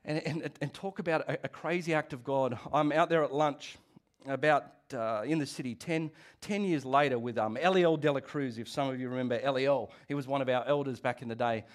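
A middle-aged man preaching a sermon as pastor, animated and conversational, with asides and restarts. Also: medium pitch, brisk.

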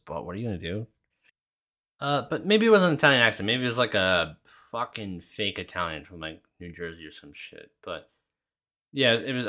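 Low-voiced young man, swearing and rambling. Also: sharp tone. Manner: rambling, heavy swearing, lots of fillers. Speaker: podcast host. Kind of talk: casual solo chat.

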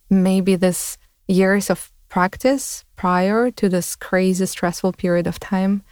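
A woman's voice: fairly low pitch, darkish tone, dry recording, clean studio sound. A woman hosting a podcast, talking in a thoughtful, casual way and laughing often. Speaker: podcast host. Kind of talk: casual conversation.

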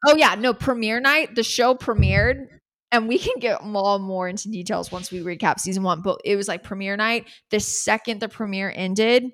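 A young woman recapping a show in loose, casual chat, blunt and profane, with a lot of "like" sprinkled through. Her voice sits at an ordinary, middle pitch for a woman, neither high nor low. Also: fairly even intonation, normal speed, fairly bright tone. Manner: candid, swears freely, fills speech with "like". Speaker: podcast co-host.

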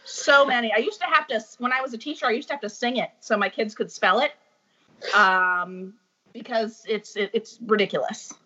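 A woman's voice: a little high, normal speed, bright, forceful tone. A woman who used to be a teacher, a podcast guest chatting casually, self-deprecating and giggly. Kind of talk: casual chat. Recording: dull lo-fi sound.

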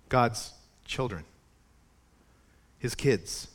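A male pastor gives a sermon in a relaxed, conversational way, often restarting his phrases and turning to the listeners with asides. His voice sits a little higher than most men's. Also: moderate pace. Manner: conversational, chatty preaching with restarts.

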